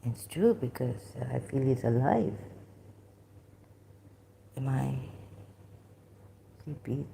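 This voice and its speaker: A woman talking alone on a livestream, hesitant and halting, often dropping into whispers. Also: rumbling low, expressive, vocal fry, mellow, a little hiss or hum. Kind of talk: rambling solo livestream talk.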